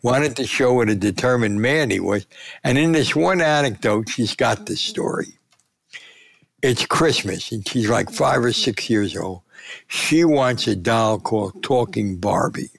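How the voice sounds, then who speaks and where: Older storyteller, gravelly voice, rises to punchlines, dry close recording. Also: male voice, medium pitch, unhurried, dry recording. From United States. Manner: animated anecdote telling, voice rising for punchlines. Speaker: veteran sports columnist, guest. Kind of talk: storytelling interview.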